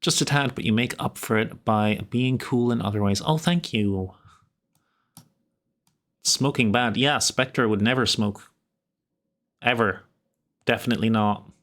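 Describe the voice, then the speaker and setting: A young man with an Irish accent hosts a tabletop game for his online viewers. He talks slowly and unhurriedly in a middle-pitched voice. His chat is laid-back and easygoing, often broken up by chuckles. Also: a bit bright. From Ireland. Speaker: game master and streamer. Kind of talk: casual live-stream chat while running a tabletop game.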